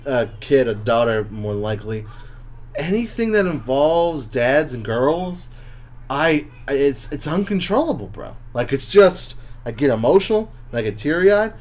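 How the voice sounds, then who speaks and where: Man, podcast co-host, casual chat, excitable, rambling, mid pitch. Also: a little slow. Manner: excitable storyteller, many fillers and restarts.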